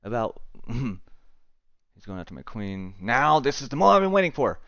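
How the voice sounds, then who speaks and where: A man's voice: mid-range voice, big pitch swings, normal speed, a bit bright, no room sound, dull audio. A man streaming a chess game live, muttering to himself and swearing in frustration as he plays. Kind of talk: live gaming commentary.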